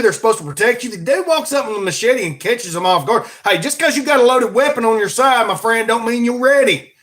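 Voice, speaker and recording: His voice is high-pitched and a bit bright, carrying the accent of his home state of Alabama in the USA. As a podcast host he rambles through a folksy monologue, joking around and promoting his merch.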